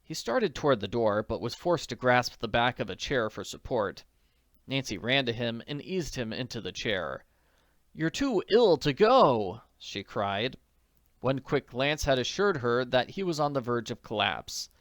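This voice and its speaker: A man narrating an audiobook in a measured, steady reading voice. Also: medium pitch, dry recording, clean studio sound.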